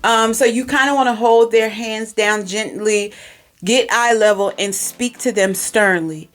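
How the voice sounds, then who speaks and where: A woman's voice: on the high side, a little slow. A woman hosting a podcast, giving casual, direct parenting advice and repeating herself for emphasis. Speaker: podcast host. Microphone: recorded for podcast and video, facing camera.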